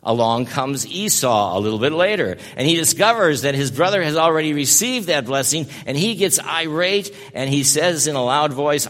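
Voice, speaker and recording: A man's voice: fairly high pitch, lively intonation, normal speed, hardly any pauses, a bit bright, long reverb tail. A man preaching a sermon as a pastor, telling a story in a folksy way and speaking to people in the congregation by name.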